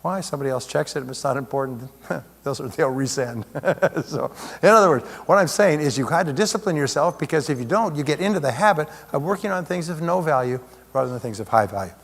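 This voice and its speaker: A man's voice: fairly high pitch, expressive, fast talker, fairly bright tone. A man giving a live seminar talk as a motivational speaker, conversational, with plenty of rhetorical questions. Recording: long hall reverb.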